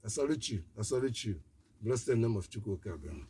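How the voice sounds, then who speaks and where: A man's voice: fairly low pitch, lively intonation, fast talker, warm tone, a little hiss or hum. A man gives an impassioned live political address as a radio broadcaster, preaching in short, repeated declarations.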